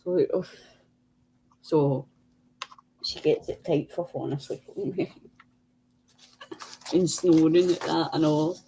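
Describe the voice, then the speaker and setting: A woman's voice: sits low, fairly even intonation, slow, creaky, long pauses, mellow, slight background noise. A woman hosting a craft livestream, chatty and teasing, laughing a lot. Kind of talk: casual chat on a craft stream.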